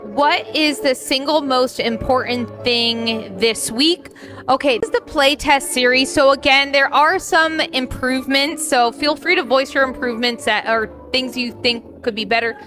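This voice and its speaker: A high-voiced woman chatting casually while hosting a board game playtest. She is encouraging and a little rambling. Soft music sits faintly behind her. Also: moderate pace. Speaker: host. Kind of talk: casual chat at game night.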